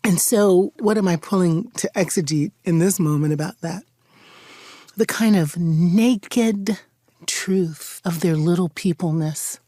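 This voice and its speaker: An older woman, a pastor and host, telling animated stories in a reflective conversation and acting out the voices in them. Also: lowish voice, a little slow, no echo, studio quality.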